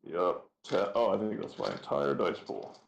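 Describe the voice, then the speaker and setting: A man's voice: low voice, lively intonation, moderate pace, a little hiss or hum. A man playing a tabletop game, casual and swearing often. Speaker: player. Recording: echoey room.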